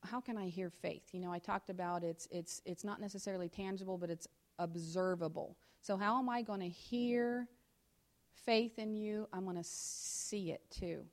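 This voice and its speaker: A woman teaching a sermon to her congregation. She reads scripture slowly and loudly, then drops to quiet, quick asides and direct questions. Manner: swings between loud emphatic scripture reading and low confiding asides; talks straight to the congregation with questions. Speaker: church teacher in ministry with her pastor husband. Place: in front of a church congregation.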